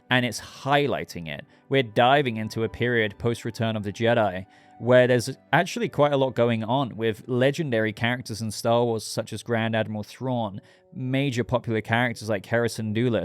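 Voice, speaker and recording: A man hosting his own channel, giving a casual, rambling episode review and talking straight to his viewers. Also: medium pitch. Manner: rambling, chatty, addresses viewers directly.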